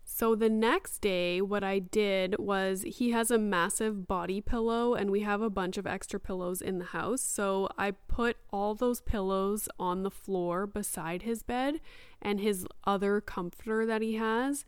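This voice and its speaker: Young woman, smooth clear voice, dry close sound, chatty upbeat parenting chat. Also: mid-range voice, fairly even intonation, unhurried, no echo. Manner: chatty, upbeat storytelling with many "like"s. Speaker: podcast host sharing parenting experience. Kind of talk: casual chat.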